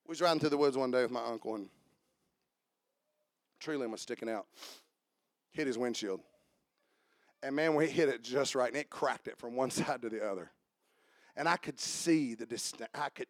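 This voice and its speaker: A man preaching a sermon at a church service, calling out to the congregation and swinging between loud shouts and hushed asides. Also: mid-range voice, no echo, clean studio sound.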